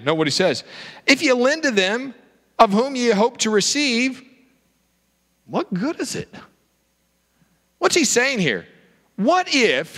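High, lively preaching man in a hall. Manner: animated preaching with rhetorical questions. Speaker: pastor. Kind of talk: sermon. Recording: reverberant hall.

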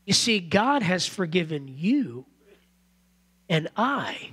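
A man preaching a sermon as pastor in a church, earnest and animated, often repeating phrases. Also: high voice, slow pace, husky.

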